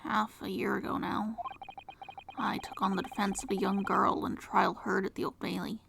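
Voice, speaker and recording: A woman voicing a glum, soft-spoken young male defense lawyer, hesitant and mumbling, with vocal fry. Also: medium pitch, level tone, moderate pace, noisy background. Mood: downcast. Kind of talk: reading game dialogue aloud. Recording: game music behind.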